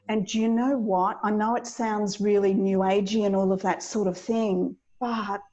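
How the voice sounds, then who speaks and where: A woman coach, a guest on a podcast, talks in an earnest, heartfelt way. Her voice sits at an ordinary middle pitch, and her manner is gentle and sincere. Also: dull audio. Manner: earnest, heartfelt spiritual sharing. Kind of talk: casual interview chat.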